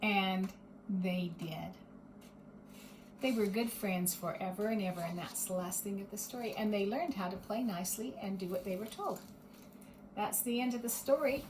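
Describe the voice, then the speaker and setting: A woman reading a picture book aloud to children, pausing gently to explain and ask questions. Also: mid-range voice, reverberant, a little hiss or hum. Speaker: storyteller.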